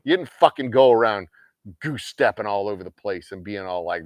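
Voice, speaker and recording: A man's voice: fairly low pitch, lively intonation, moderate pace, dry recording, studio quality. A man hosting a game night livestream, ranting in casual, profane talk and mocking people in sarcastic quoted voices. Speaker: host of a game night stream.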